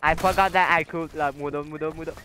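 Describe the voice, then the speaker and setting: A young man talks through a game with a slightly high voice, rambling with plenty of fillers and trash talk, breaking into sudden yelps. His home mic picks up clear background noise. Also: steady tone, fast. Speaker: gamer. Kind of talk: casual gameplay commentary.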